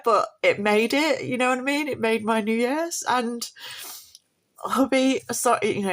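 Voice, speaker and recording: Chatty woman talking from bed. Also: medium pitch. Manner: chatty and rambling, laughing often. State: recovering from tonsillitis, throat still sore. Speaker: budgeting vlogger. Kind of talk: casual chat to camera. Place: at home in bed.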